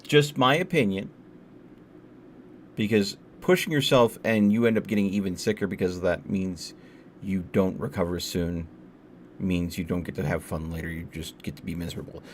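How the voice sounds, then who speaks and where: A man acting as game master on a group stream, talking in a calm, measured and persuasive way over a voice call. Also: deep voice. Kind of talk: casual chat on a group stream. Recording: faint background noise.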